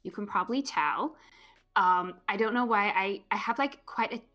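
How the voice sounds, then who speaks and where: A woman's voice: mid-range voice, moderate pace, a bit bright, faint music behind, natural voice. A woman putting on an American accent with a drawling twang, on a live game stream. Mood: playful.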